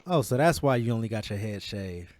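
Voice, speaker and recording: A man's voice: lowish voice, expressive, brisk, a little mellow. A man hosting a podcast, asking questions and cracking jokes. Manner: inquisitive, joking. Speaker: podcast host. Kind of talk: casual podcast chat.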